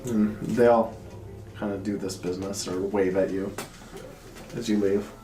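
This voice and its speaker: A man running a tabletop role-playing game as game master, narrating scenes in a relaxed, loose way, recorded in an echoey room with music in the background. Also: fairly low pitch, a little slow.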